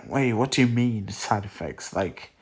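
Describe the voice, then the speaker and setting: A man loosely voicing a calm, quietly cocky young male hero while retelling a story. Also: fairly low pitch, unhurried, husky. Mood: plain. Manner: loose, filler-filled quoting.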